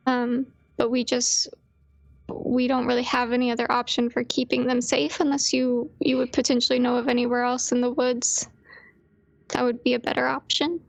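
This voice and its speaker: A woman player in a tabletop role-play, speaking softly and hesitantly with frequent ums and restarts. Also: a little high, flat delivery, normal speed, gravelly.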